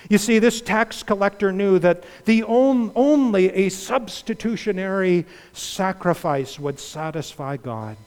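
Male preacher, fairly high voice, passionate sermon delivery with pleading prayers, long hall reverb. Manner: impassioned, rising to loud pleading prayers then dropping low; asks the congregation questions.

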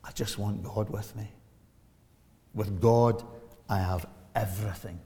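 A man in his seventies preaching a sermon, animated and emphatic, asking rhetorical questions and building to loud peaks. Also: on the low side, a little slow. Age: 70s. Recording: long hall reverb.

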